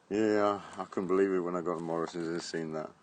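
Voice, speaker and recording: A man's voice: low voice, a little hiss or hum. A middle-aged man from England chatting bluntly on a live stream from his garden, phone held at arm's length, laughing often and swearing. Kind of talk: casual live-stream chat. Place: outdoors in a garden.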